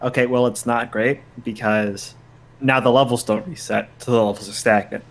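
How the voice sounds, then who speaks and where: A man's voice: mid-range voice, fairly even intonation, moderate pace. A man on a casual gaming podcast, giving blunt, matter-of-fact opinions. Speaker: podcast co-host.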